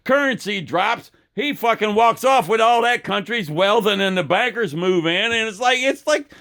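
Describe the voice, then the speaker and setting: A man's voice: high-pitched, expressive, moderate pace, pushed and bright. A man delivering an angry, profane political rant with many stumbling restarts. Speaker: political commentator.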